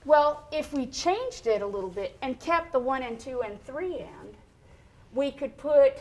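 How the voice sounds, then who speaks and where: A woman's voice: high-pitched, lively intonation, unhurried, darkish tone. A woman music educator in a studio, explaining rhythm to a child in a chatty, encouraging way.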